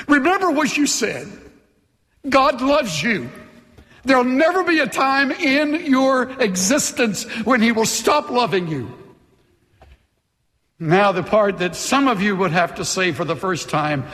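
A man's voice: very high voice, fairly bright tone, in a large hall. A man preaching a sermon as pastor, impassioned and emphatic, leading the congregation in call-and-response in a church. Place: church sanctuary.

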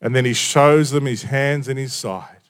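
A man preaching a sermon in a conversational storytelling way, often dropping quiet for emphasis. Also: mid-range voice, moderate pace.

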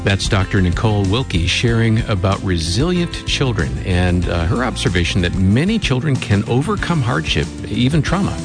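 A man co-hosting a radio program, introducing the guest and the topic in a measured announcer manner. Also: on the low side, very animated, over music. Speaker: radio co-host. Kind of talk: radio show introduction and chat.

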